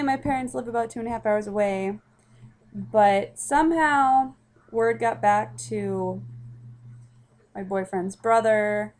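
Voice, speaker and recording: A woman's voice: mid-range voice, darkish tone. A young woman telling a personal story in a casual, rambling way, with many fillers and restarts.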